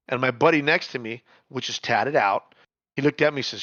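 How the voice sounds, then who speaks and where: Middle-aged guy telling a story, fired up, stumbles over words, cusses, flat dry dull sound. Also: mid-range voice, a little fast, dry recording. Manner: animated, repeats words, swears freely. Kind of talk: casual storytelling chat.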